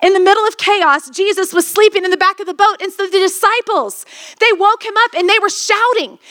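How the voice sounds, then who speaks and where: A woman's voice: extremely high pitch, fairly quick, a bit bright. A woman pastor preaching a sermon, retelling a scripture story and asking the congregation rhetorical questions.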